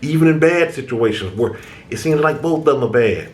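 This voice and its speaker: A man talks straight to his viewers in a loose, conversational way. His pitch swings up and down a lot as he acts out what they might be thinking, and he often doubles back on his words. The room around him has a noticeable echo. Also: expressive, brisk, slight background noise. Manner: conversational, acts out inner thoughts, repeats words. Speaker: self-help video host. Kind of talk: casual motivational talk to camera. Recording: echoey room.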